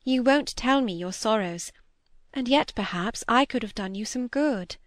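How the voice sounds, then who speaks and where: A woman voicing a gentle, anxious older lady who is ill, speaking softly and unhurriedly in a storybook reading. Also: fairly high pitch, unhurried, dry recording, studio quality, close to an everyday voice. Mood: tender.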